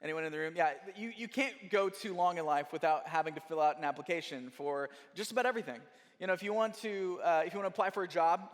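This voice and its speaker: A young adult man giving a sermon as guest speaker, telling a story in a lively way and acting out the people in it. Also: high-pitched. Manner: animated storytelling with quoted voices. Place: church hall. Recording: church hall with long reverb.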